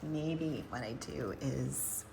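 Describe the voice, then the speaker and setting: A woman's voice: a bass voice, slow pace, creaky, noisy background. A woman who coaches nutrition, chatting casually to viewers and thinking aloud as she works with plants in an indoor grow room. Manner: chatty, rambling, thinks aloud while working. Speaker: hydroponic gardener and nutrition coach. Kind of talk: casual live chat to viewers.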